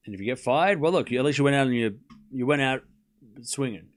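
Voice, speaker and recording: A man's voice: mid-range voice, animated, brisk. A man hosting a live tennis watchalong stream, chatting casually and sarcastically teasing viewers, rambling with restarts.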